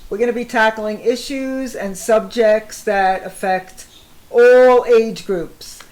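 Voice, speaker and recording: A woman in her sixties, co-hosting a casual chat, talkative and quick to laugh. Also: a little mellow. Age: 60s. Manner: chatty, laughs often, acts out parents' phrases in a high sing-song voice. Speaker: co-host.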